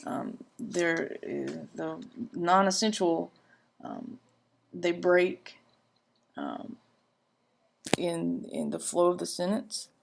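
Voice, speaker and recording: A woman teacher giving a grammar lecture, halting and repeating herself with many fillers as she reads example sentences aloud. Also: on the low side, very animated, creaky, slight background noise.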